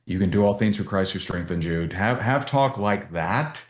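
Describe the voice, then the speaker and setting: A man coaching a team on a video call, telling stories with lively restarts and repeats. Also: on the low side, moderate pace, echoey room. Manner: animated storytelling with many restarts. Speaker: business coach.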